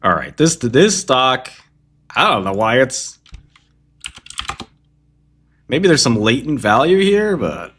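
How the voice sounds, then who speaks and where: A man's voice: mid-range voice, big pitch swings, a little slow, fairly bright tone, a little hiss or hum. A man livestreaming casual stock analysis at his computer, offhand and joking, swearing and laughing at himself.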